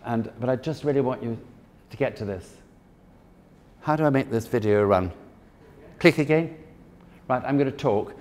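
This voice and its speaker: A man's voice: mid-range voice, normal speed, long pauses, darkish tone. Chatty, joking man in an echoey hall. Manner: chatty, self-deprecating, joking. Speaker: event designer giving a talk. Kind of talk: anecdotal presentation to an audience. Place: large formal hall. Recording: echoey hall, faint background noise.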